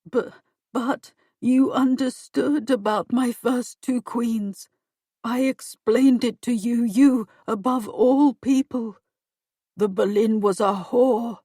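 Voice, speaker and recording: A woman voicing a frightened, self-pitying dying old king who pleads slowly and stammers. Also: fairly high pitch, warm tone, breathy edge, no room sound, clean studio sound, full character voice. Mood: stammering.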